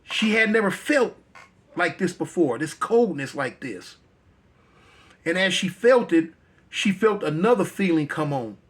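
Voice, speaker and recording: A man's voice: high-pitched, expressive, unhurried, breathy edge. A male storyteller telling a dramatic tale in a conversational, repetitive way.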